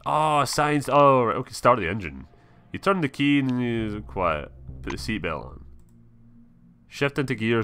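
A man's voice: lowish voice, fairly bright tone, clean tone. Swearing man playing a game. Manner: swearing, laughing, reads game text aloud. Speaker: gameplay streamer. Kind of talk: gameplay commentary. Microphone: webcam mic.

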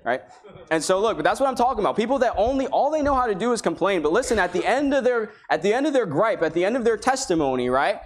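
A man's voice: high-pitched, big pitch swings, fast talker, hardly any pauses. A man preaching a sermon in a church, talking in a conversational way and acting out the people he quotes. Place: church sanctuary.

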